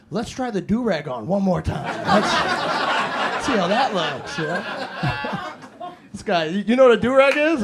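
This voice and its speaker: A young man telling profane stand-up stories on a comedy club stage and acting out the dialogue. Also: sits high. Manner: loose, profane storytelling with acted-out dialogue. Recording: noisy live club recording.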